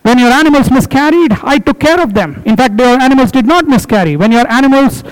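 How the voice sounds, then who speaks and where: A man's voice: very high-pitched, lively intonation, fast talker, clear, resonant tone, low-quality recording. A man preaching a sermon to a congregation in an emphatic, repetitive style, stopping to explain words.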